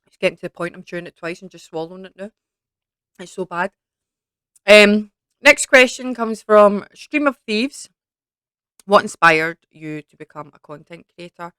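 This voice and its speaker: A woman's voice: medium pitch, expressive, normal speed, a bit bright, clear, resonant tone, no room sound. A young woman with a Scottish accent chatting casually to camera in a Q&A, rambling with lots of fillers. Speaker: YouTube creator.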